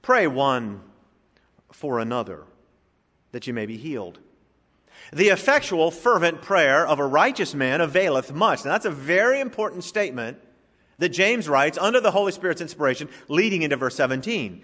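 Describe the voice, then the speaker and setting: Pastor preaching with big pitch swings. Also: male voice, expressive, moderate pace, big-room sound. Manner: preacherly, swings from soft asides to loud emphatic lines. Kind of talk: sermon.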